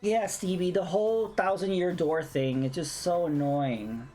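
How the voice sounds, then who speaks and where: A woman's voice: on the low side, measured pace, mellow. A woman streamer ranting bluntly in casual chat while playing a game, swearing freely. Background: faint game music.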